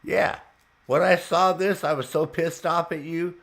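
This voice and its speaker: Here the gaming host's voice sits a little high and sounds creaky and slightly bright, with a steady tone and a measured pace. He swears casually while relaying his frustrations during gameplay, laughing often along the way.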